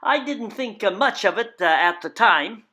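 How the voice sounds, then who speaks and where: An older man from Canada telling a personal travel story in a folksy, wry way, halting often with "uh" fillers. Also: high voice, lively intonation, pushed and bright. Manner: halting, many "uh" fillers, wry self-mocking humor.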